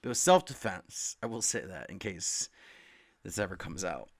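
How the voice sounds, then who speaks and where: A young man talking casually about comics, rambling, swearing freely and loudly acting out quotes. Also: low-pitched, lively intonation, moderate pace, vocal fry, slightly rough. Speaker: comic book podcast host. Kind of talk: casual comic review rant.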